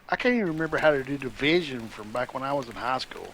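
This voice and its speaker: A man's voice: mid-range voice, brisk, fairly bright tone, a little hiss or hum, poor audio. A man, telling a rambling story in a casual chat over a voice call. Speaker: gaming stream crew member. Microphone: voice call headset.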